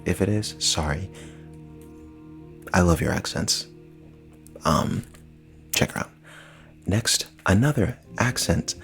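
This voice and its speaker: A man casually recommending channels in an enthusiastic, rambling chat, often restarting his sentences. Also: sits low.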